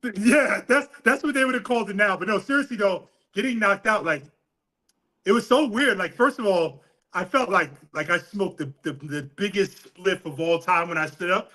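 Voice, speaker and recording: A middle-aged man from New York City, a boxing coach, tells a laughing, swearing, animated story during a casual interview. His voice is high-pitched at a normal speed, and the recording quality is low.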